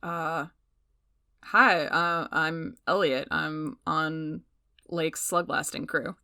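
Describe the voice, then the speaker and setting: A woman playing a tabletop game, who speaks in a hesitant, halting way. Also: deep voice, steady tone, bright, forceful tone, no room sound, clean studio sound. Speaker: player.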